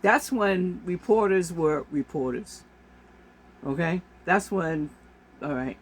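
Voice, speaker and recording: A woman's voice: lowish voice, slow pace, a little hiss or hum. A woman vlogger delivers an exasperated, emphatic rant to camera, repeating her points for force. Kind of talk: ranting monologue to camera.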